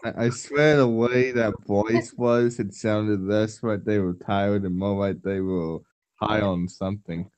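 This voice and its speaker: A man chatting casually with short, blunt, deadpan remarks. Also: on the low side, measured pace, clean tone. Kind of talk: casual chat. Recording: dull, muffled stream audio.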